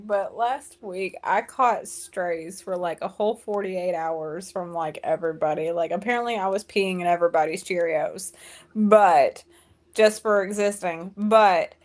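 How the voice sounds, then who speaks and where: A woman content creator co-hosting a podcast watch party, rambling and full of fillers. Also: mid-range voice. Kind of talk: casual watch-party chat.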